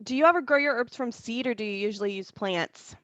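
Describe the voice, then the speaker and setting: A woman's voice: a little high, quick pace, a bit bright, no room sound. A woman moderating a class, politely reading out audience questions. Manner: polite, friendly, reads questions aloud. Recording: dull dry lo-fi audio.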